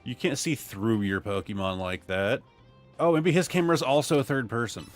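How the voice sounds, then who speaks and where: Over soft background music, a man from Ohio streams a game at a moderate pace, giving casual commentary. His pitch rises and falls in a lively way, and he bursts out with excitement whenever things go his way.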